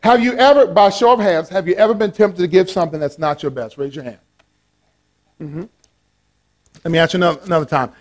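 Male pastor with a high voice, preaching a playful, animated sermon with call-and-response. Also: brisk, pauses often.

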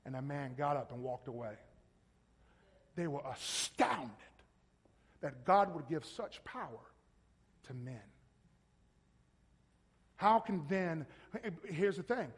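A pastor with a slightly high, husky voice preaches slowly and animatedly, pausing often. He calls on congregation members, speaks directly to one of them, and uses call-and-response to prompt listeners to finish verses, all with the long reverb of a large hall.

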